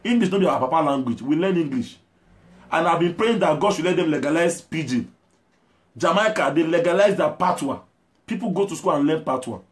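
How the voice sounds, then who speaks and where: Forceful pleading Nigerian man. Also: on the high side, animated, fairly quick. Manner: forceful, pleading, mixes in pidgin. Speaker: musician. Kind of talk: impassioned video message.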